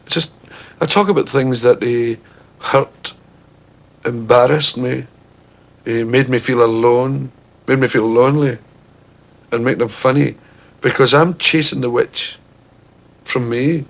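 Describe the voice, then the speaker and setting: A Scottish man with a Glaswegian accent, a comedian telling stories on stage and talking about his material in an animated way. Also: measured pace, creaky, pauses often. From Scotland. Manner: animated, jumps into shrieking high voices for characters. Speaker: stand-up comedian. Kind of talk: stand-up storytelling. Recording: faint hiss, 1970s TV recording.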